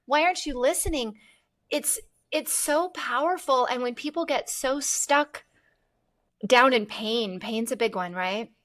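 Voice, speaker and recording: A woman hosting a podcast interview, asking long questions and thinking aloud in an animated way. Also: a little high, slow pace. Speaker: podcast host. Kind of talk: conversational interview.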